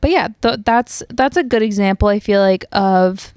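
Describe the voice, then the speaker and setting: A woman's voice: mid-range voice, moderate pace, a little mellow, smooth, no room sound, clean studio sound. A young woman hosting a podcast, chatting casually and rambling with lots of fillers and restarts. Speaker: podcast host. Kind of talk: casual solo chat.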